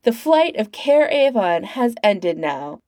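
A woman voicing an eerie, calm male narrator of a spooky television show. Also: on the high side, no room sound, studio quality. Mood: ominous. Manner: calm, ominous, slow.

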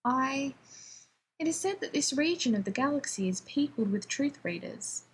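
A woman's voice: sits high, expressive, slight background noise, pitched above the performer's own voice. Woman doing a formal, unflappable alien diplomat woman. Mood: reasonable. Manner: formal, measured, maddeningly reasonable.

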